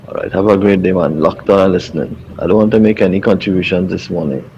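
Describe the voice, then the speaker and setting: A man's voice: deep voice, quick pace, a little mellow, a little hiss or hum. A man leaving a casual, dismissive voice note for a talk show. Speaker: caller. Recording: dull lo-fi phone voice note.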